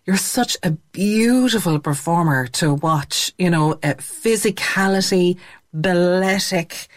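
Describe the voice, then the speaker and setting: An Irish woman presents an arts programme, speaking with eager admiration and piling phrase on phrase. Her voice sits low for a woman. The sound is close and dry, with no room around it. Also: slow pace, no echo. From Ireland. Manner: admiring, enthusiastic, stacks phrases. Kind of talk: radio interview.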